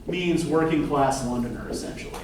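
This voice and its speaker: A man's voice: a little high, fairly quick, noisy background. A man lecturing a class on literature, talking conversationally with many fillers and tag questions. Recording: echoey classroom, mic far off.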